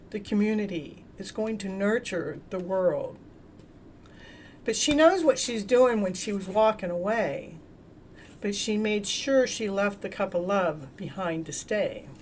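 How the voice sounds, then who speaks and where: A woman's voice: medium pitch, darkish tone, slight background noise. A woman hosting a live tarot reading who chats with viewers by name, laughs often and trips over and repeats her words. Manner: talks to viewers in the chat by name. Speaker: tarot reader and show host.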